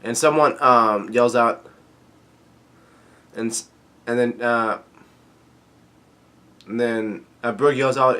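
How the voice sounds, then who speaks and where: Slowly and with frequent pauses, a man summarizes a manga chapter, reading out lines amid many fillers and restarts. His mid-range voice is clean, pushed and bright, with fairly even intonation.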